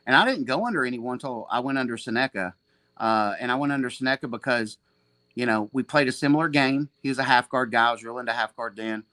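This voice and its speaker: A man's voice: mid-range voice, fast, bright, forceful tone, no echo. Forties guy rambling about his gym days, swears a lot, dry close sound. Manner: profane, rambling, self-mocking. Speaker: podcast guest, jiu-jitsu gym owner. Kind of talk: casual storytelling.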